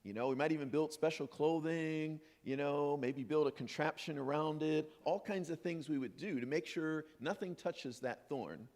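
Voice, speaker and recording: Male minister, animated sermon, lightly higher voice, echoing sanctuary. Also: moderate pace, hardly any pauses. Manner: lively, playful, acts out imagined voices. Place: church sanctuary. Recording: long hall reverb.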